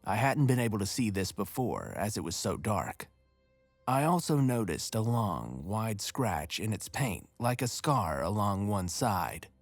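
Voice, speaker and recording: A man narrating a first-person horror story in a measured, steady way. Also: lowish voice, dry recording. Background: faint music.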